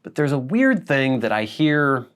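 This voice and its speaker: A man's voice: medium pitch, big pitch swings, a little slow, a bit bright, clear, resonant tone. A man from the Pacific Northwest, hosting his own channel and chatting casually, musing aloud with small laughs and self-corrections. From Pacific Northwest, USA. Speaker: channel host. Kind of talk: casual vlog chat to camera.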